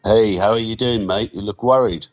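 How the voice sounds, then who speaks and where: A man reading a story and voicing a male loan shark who is falsely friendly and quietly threatening. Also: lowish voice, fairly even intonation, moderate pace, pitched above the performer's own voice, lightly acted. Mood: matey.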